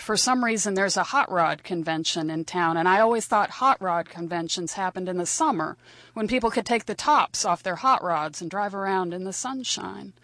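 A woman's voice: medium pitch, a bit bright, dry recording. A woman telling a first-person story in a wry, conversational and vivid way.

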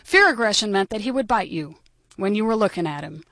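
A woman in her forties tells a personal story with dry, wry humor. Her voice sits in a middle pitch and is recorded close and dry, with no room sound. She is a guest on a radio storytelling show. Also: lively intonation, brisk, fairly bright tone, no room sound.

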